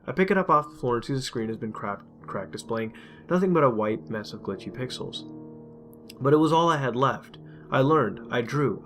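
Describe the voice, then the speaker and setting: Guy narrating a creepy first-person story, intense and emotional, soft music under it. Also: medium pitch. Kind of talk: dramatic horror story reading. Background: faint music.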